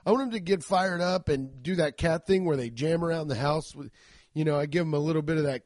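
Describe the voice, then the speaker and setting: A man's voice: on the high side, a little fast, a little mellow, no room sound, clean studio sound. A young man from the Cincinnati area hosting a podcast, rambling and joking with plenty of profanity. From Cincinnati area, Ohio. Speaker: podcast host. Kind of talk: casual comedic podcast monologue.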